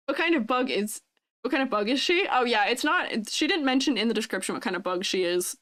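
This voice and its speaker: A woman's voice: fairly high pitch, a bit bright. A woman in her twenties chatting casually on a live stream, bubbly and giggly as she reads and answers chat. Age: 20s. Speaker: vtuber streamer.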